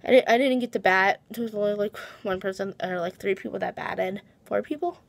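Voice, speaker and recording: A woman's voice: medium pitch, a little fast, vocal fry, no echo. A teenage girl chatting casually to her vlog camera, tired, rambling and restarting her sentences with giggles. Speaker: vlogger.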